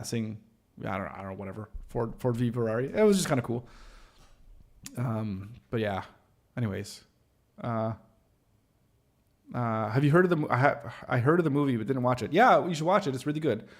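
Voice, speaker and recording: Rambling, gravelly-voiced man chatting live. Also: medium pitch. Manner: rambling, full of fillers and restarts; joking, self-deprecating. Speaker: livestream host. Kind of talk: casual livestream chat with viewers.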